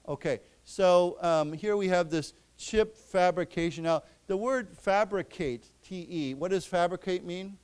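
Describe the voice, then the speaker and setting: A man teaching English to a class, explaining words and repeating them slowly for his students. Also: on the high side, darkish tone, smooth. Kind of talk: classroom lesson. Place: library lecture room.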